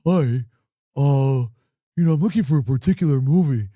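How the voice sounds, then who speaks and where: A man doing a pervy, low prank caller. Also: moderate pace, dark tone, dry recording, clean studio sound, close to an everyday voice. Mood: creepy. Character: creepy male prank caller.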